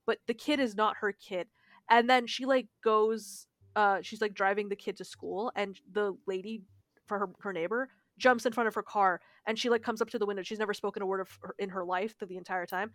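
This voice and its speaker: A woman co-hosting a podcast, telling a story in a casual, animated way and swearing freely. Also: medium pitch, a little fast, dry recording. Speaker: podcast co-host. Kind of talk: casual chat.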